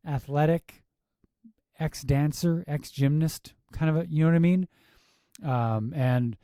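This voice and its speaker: A man reviews a yoga class video, firing off exasperated rhetorical questions and quick asides. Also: on the high side, dark tone, dry recording, studio quality. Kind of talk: casual critique with commentary.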